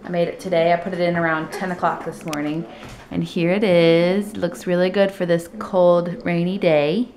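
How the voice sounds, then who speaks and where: A young woman with a slightly low voice chats away to her viewers, filming a casual family vlog on a handheld camera. She is indoors at home, and the room gives her voice a noticeable echo. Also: flat delivery, moderate pace, a little mellow. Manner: chatty, talking straight to viewers. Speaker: family vlogger. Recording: echoey room.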